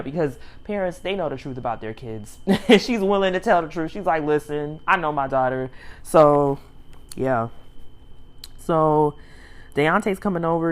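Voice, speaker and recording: A woman hosting her own review channel, casually recapping a TV episode and acting out what people said, often laughing. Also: extremely low pitch. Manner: animated retelling, acts out quotes, laughs often.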